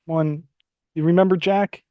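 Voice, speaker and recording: A man's voice: on the high side, steady tone, a little slow, no room sound, lo-fi sound. A man playing his character in a tabletop role-play game, earnest and hesitant as he pleads his case. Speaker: player.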